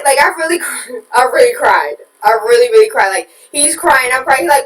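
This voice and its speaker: A woman's voice: high-pitched, expressive, normal speed, reverberant, distant mic, rough recording. A woman hosting a talk radio show, preaching at listeners with rhetorical questions and candid confessions about her own parenting.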